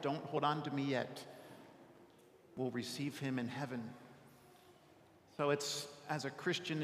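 A man's voice: medium pitch, a bit bright, slight background noise. Male preacher in an echoey church. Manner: conversational, often asks "right?". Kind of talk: sermon. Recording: echoey church hall with long reverb.

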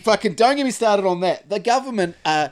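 A man's voice: high voice, lively intonation, a little fast. A New Zealand man co-hosting a podcast, mostly chiming in with short agreements and blunt remarks. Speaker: podcast co-host. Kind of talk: casual podcast banter.

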